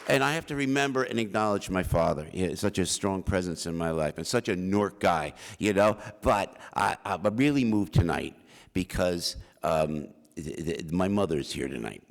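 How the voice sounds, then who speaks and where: A man's voice: sits low, lively intonation, normal speed, creaky. A middle-aged man giving an emotional, joking acceptance speech at an awards ceremony, calling out to the crowd. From New Jersey. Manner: emotional, punchy, calls out to the crowd. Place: large hall at an awards ceremony. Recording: long hall reverb.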